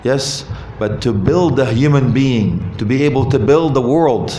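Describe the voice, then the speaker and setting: Guy preaching on marriage in a mosque, lively, asks the crowd stuff, echoey hall w faint background hum. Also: medium pitch, measured pace. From Canada. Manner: animated, asks the audience questions, jokes. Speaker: visiting Islamic speaker. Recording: roomy hall with faint ambience.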